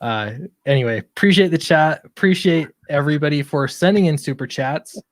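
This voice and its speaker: A man's voice: on the high side, expressive, fairly quick, no echo, clean studio sound. A man from Utah hosting a stream, chatting casually and often trailing off unsure of himself. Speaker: stream host. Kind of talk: casual chat.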